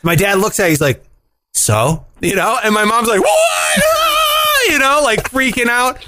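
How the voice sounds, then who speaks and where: A man's voice: sits high, a little fast, shouting, background noise. A young man, married, telling a funny story in casual chat, full of "like" and "dude". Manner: animated storyteller, swearing, lots of "like" and "dude". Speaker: podcast co-host.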